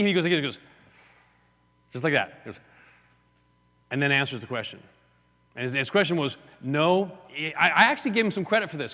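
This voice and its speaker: A man giving a live seminar talk to an audience, acting out stories and gestures as he teaches. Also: fairly high pitch. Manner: animated storyteller, acts out gestures and quotes. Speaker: real estate seminar speaker. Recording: long hall reverb.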